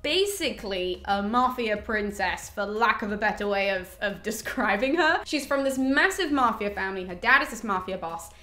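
A woman's voice: mid-range voice, lively intonation, normal speed, hardly any pauses, pushed and bright, echoey room. A young woman hosting a book review channel, chatting casually and upbeat with plenty of fillers, her voice slightly cracking from a cold. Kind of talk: casual chat to camera.

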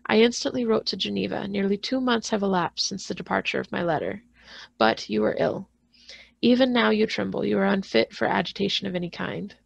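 A woman voicing a kindly but stern older male magistrate who speaks calmly and formally in a storybook reading. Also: medium pitch, brisk, vocal fry, husky, no echo. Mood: concerned. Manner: calm, formal, reassuring speech.

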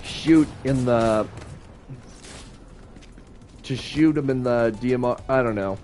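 A man's voice: medium pitch, slow, darkish tone, a little hiss or hum. Chatty man with a stuffy voice. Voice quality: slightly stuffy sound. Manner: chatty, self-deprecating, frustrated outbursts. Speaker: gaming YouTuber. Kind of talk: casual let's-play commentary. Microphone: streaming from a game console.

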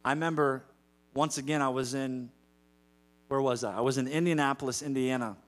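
A man preaching a sermon as pastor in a church, moving between storytelling and loud emphatic calls to the congregation. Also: mid-range voice, fairly even intonation, a little fast. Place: church sanctuary.

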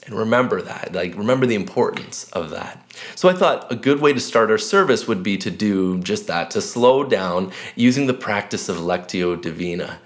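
A man with a fairly low voice speaks to his congregation in an easy, conversational way. He moves into a slow, measured reading for a guided meditation. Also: animated. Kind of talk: church announcements and scripture reading.

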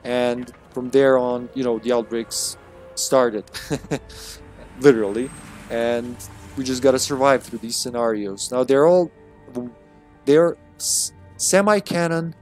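A man's voice: mid-range voice, slow pace, a little mellow. A man streaming a video game, giving casual, chatty commentary with swearing and laughter. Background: game music.

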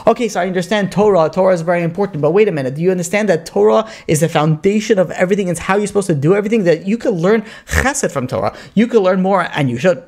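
A man teaching a casual Torah class as a rabbi, animated and talking through many quoted voices with frequent fillers. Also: sits high, quick pace, hardly any pauses.

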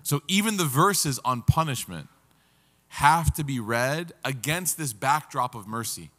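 Speaking at an unhurried pace in a medium-pitched, fairly bright and animated voice, a religious teacher delivers a relaxed, story-rich lecture. Humor and building emphasis run through his talk, and the hall he's recorded in is reverberant.

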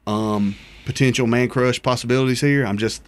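A man's voice: mid-range voice, steady tone, normal speed, clean tone. A man co-hosting a casual sports talk show, laid-back and sure of his picks, with plenty of slang.

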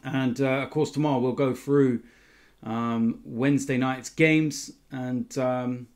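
A man's voice: medium pitch, steady tone, moderate pace, creaky, a little mellow. A man hosting his football fan channel, giving a casual news roundup in a chatty way with frequent ums.

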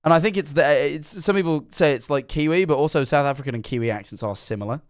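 A man's voice: on the high side, fast talker, dry recording, clean studio sound. A young man casually commenting while reacting to a video, chatty and self-mocking, stumbling over words.

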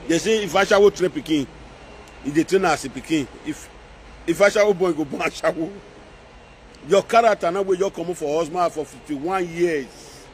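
A man's voice: on the high side, moderate pace, slight background noise. A man speaking Nigerian Pidgin English, scolding and mocking in a repetitive social media rant. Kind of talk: scolding live-video rant.

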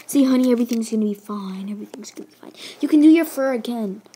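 A woman voicing a meek boyfriend dog who talks softly and pleadingly. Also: fairly high pitch, normal speed, slightly rough, pitched below the performer's own voice. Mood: soothing. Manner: soft, pleading, half-whispered.

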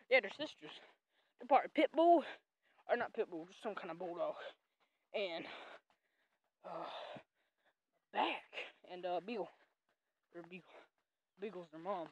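A young woman with a Southern US accent, walking around her family farm outdoors, rambling and excitedly calling to her animals while filming on a handheld phone. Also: on the low side, a little slow, long pauses, poor audio. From North Carolina, USA. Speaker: vlogger. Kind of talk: casual walking vlog.

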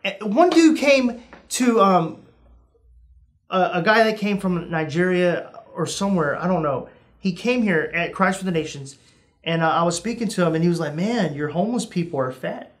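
This is a young male podcast host with a high-pitched voice at normal speed, telling funny stories in casual chat. He acts out his own reactions, his voice jumping suddenly.

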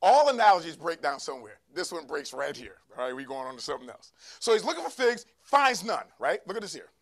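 A man preaching a sermon to a church congregation, calling for responses from the crowd and rising to shouts. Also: on the high side, sing-song, fast. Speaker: pastor. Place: church sanctuary.

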